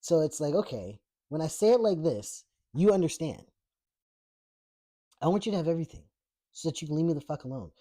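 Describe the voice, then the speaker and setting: This is a male podcast host with a fairly high, dark voice, lively intonation, and a fairly quick delivery broken by long pauses. He rants bluntly and profanely about politics, rambling with many fillers and restarts while laughing at the chat.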